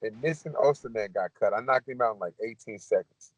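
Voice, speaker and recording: A man, a former fighter, telling his career stories in a blunt, animated, profane way. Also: fairly low pitch, fairly quick, dry recording, low-quality recording. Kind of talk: casual storytelling Q&A.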